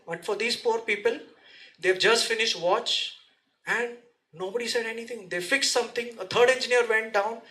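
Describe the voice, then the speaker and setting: A man speaks to a seminar audience in a lively, direct way and keeps firing questions at them. His voice sits high and sounds bright and forceful. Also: moderate pace, rough recording. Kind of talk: motivational seminar talk. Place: seminar room.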